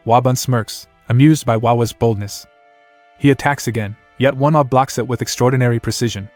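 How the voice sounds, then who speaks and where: A man narrating a comic story recap in a scripted, even storytelling read. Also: mid-range voice, brisk, faint music behind.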